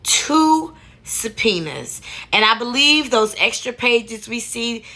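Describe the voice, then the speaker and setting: A woman's voice: a little high, very animated, takes it slowly, bright, forceful tone. A woman hosting a casual commentary, talking in a sassy, colloquial way with laughing asides. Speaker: commentary host.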